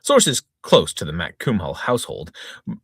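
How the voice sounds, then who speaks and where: A middle-aged man, somewhere in his 40s or 50s, hosts a casual reading podcast and reads a comic news-style story in a mock-dramatic newsreader voice, stumbling and restarting on words. His voice sits low with huge pitch swings, vocal fry, a slightly bright, breathy edge, and normal pacing. The recording is studio quality with no room sound.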